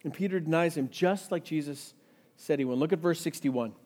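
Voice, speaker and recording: Male pastor, light high voice, expository sermon, acts out the scripture quotes. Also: a little fast, a little mellow. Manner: reads scripture aloud, acts out quotes with rising intensity.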